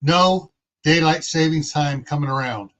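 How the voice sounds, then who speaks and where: Rambling American man, higher voice. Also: unhurried, a bit bright, muffled recording. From California. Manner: rambling, with sarcastic asides. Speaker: host. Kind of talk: casual livestream chat.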